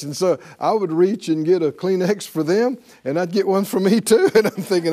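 A middle-aged man preaches in a relaxed, storytelling way. His voice sits a little high but sounds mellow and soft-edged. He laughs often and slips into lively voices when quoting others. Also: normal speed, hardly any pauses. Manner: chatty, laughing, acts out quoted voices. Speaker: pastor teaching a faith class. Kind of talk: folksy sermon teaching.

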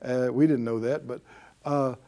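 A man's voice: mid-range voice, fairly even intonation, normal speed, mellow. A man preaching a sermon, emphatic and repetitive, leading his congregation in spoken affirmations. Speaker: preacher and Bible teacher. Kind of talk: sermon with call-and-response.

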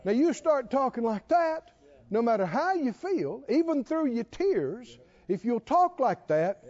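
A man's voice: very high voice, big pitch swings, unhurried, darkish tone, dull audio, some chatter behind. A middle-aged male pastor preaching a sermon, punctuating his points with emphatic exclamations and quoted scripture.

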